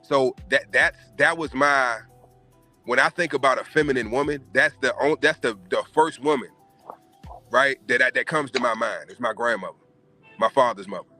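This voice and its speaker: Bright-voiced man ranting profanely. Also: medium pitch, normal speed, soft background music. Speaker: podcast host. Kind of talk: casual opinion chat.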